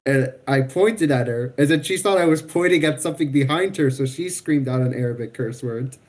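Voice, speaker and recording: A man's voice: medium pitch, fairly quick. A man cohosting a gaming podcast in casual chat, self-deprecating and laughing as he talks. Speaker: let's-play podcast cohost.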